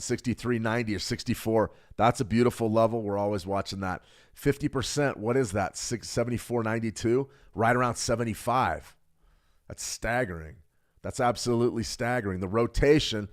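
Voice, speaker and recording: A middle-aged man hosting a live trading stream, talking fast and joking with viewers while he reads the chat. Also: lowish voice. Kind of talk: live market analysis, reading chat.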